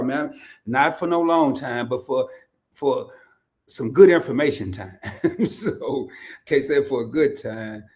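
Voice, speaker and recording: A man from Arkansas, hosting a casual livestream and telling stories with laughs and lots of restarts. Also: medium pitch. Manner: animated storytelling with laughs and repeated restarts. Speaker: host.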